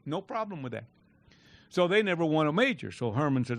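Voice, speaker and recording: Animated older man telling a golf story. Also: on the high side, moderate pace, pauses often, no room sound. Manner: animated, laughing, shouting out quoted lines. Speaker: golf pro telling stories. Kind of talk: storytelling in a fireside chat.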